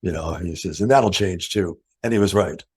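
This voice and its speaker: An older man, a guitarist, telling studio anecdotes in an interview, animated and acting out quoted voices in a higher pitch. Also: normal speed, slightly rough. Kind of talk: storytelling in an interview.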